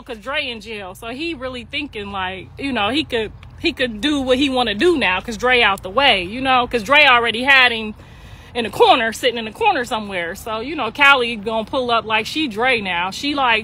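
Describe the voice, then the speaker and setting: A middle-aged mother telling a long family story in a casual, laughing way, slipping in quick acted-out voices. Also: fairly high pitch. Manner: animated, laughing, slangy, acts out voices.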